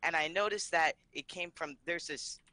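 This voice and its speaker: A man's voice: on the high side, normal speed, sharp tone, no room sound, poor audio. A man telling a rambling story on a live podcast, laughing between lines.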